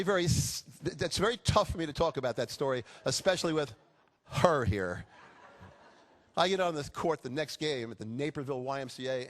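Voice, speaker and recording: A middle-aged man giving a motivational speech to a live audience, telling stories with jokes. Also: a little high. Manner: animated storytelling with jokes. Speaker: keynote speaker.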